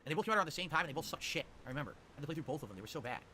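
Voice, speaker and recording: A man streaming live, answering chat questions with quick, opinionated rants. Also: on the high side, expressive, sharp tone, a little hiss or hum. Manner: rapid, opinionated ranting. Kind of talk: livestream chat reply.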